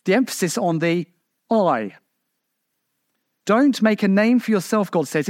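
A man delivers a sermon in a high voice with a dry, close sound. He is emphatic, asking his listeners rhetorical questions, and leaps up and down in pitch to drive his points home. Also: expressive, measured pace, pauses often, dry recording. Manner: shifts pitch sharply for emphasis. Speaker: preacher.

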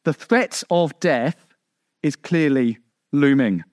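A man from England preaching a sermon in a conversational way, with rhetorical questions and asides, building to emphatic peaks and then dropping low. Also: takes it slowly, a little mellow, dry recording, studio quality.

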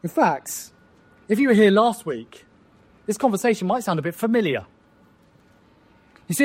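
A man preaching a sermon, leading his listeners through the text and asking them questions as he goes. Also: high voice. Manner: rhetorical, asks the listeners questions.

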